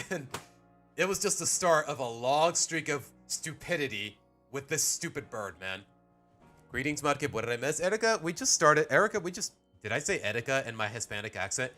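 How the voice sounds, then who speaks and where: Lively man streaming. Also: mid-range voice, normal speed, faint music behind. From Mexico. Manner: rambling, self-interrupting, opinionated. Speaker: streamer ranking cartoon episodes. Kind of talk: casual live-stream commentary.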